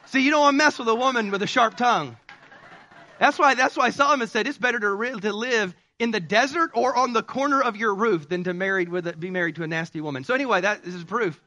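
High, bright-voiced preacher man. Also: fast. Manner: humorous, conversational preaching with shouted bursts. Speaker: pastor. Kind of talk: sermon.

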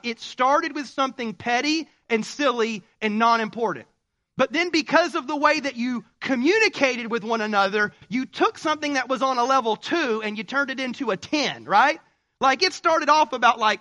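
A man preaching a sermon, joking and conversational, with sudden loud bursts. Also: very high voice. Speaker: pastor.

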